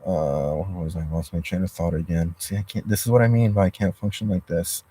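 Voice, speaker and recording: Parked in a driveway and livestreaming from inside his car, a man reads chat comments and vents in a rambling, profane, frustrated way. His low voice is steady and warm, fairly quick, with a slight hiss or hum in the background.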